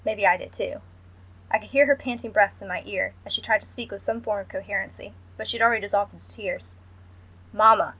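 A young adult woman reading a first-person story aloud in a measured, subdued way. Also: mid-range voice, steady tone, fairly bright tone, husky, rough recording. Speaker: narrator.

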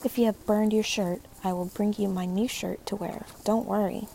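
A woman's voice: medium pitch, steady tone, moderate pace, warm tone, a little hiss or hum, lightly acted. A woman playing a fretful, kindly goat. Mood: reassuring. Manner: worried, eager to help. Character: kind fretful male goat friend.

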